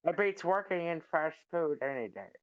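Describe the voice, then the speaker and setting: A man's voice: a little high, lively intonation, moderate pace, clear, resonant tone, phone-quality sound, lightly acted. A man voicing a grumpy cartoon squid turned angry race car driver, using a nasal put-on voice in improv comedy. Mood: snooty.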